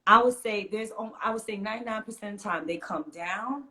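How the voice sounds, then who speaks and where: A woman's voice: mid-range voice, fairly quick. A middle-aged woman, a mother and teacher, talking earnestly in an interview and acting out what she says to kids. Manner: earnest, animated storytelling, acts out quotes. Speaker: guest, fitness teacher and mother. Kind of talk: conversational interview.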